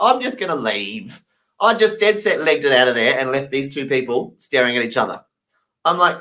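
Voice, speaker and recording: Male stand-up, animated storyteller, bright, lively pitch. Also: a little fast, rough recording. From England. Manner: animated, acts out voices in his anecdotes. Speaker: stand-up comedian.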